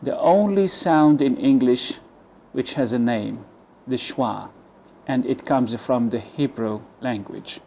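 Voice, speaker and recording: Egyptian man teaching pronunciation slowly. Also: gravelly. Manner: slow, deliberate model words, drops low at phrase ends. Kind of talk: bilingual pronunciation lesson. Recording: dull lo-fi recording with faint noise.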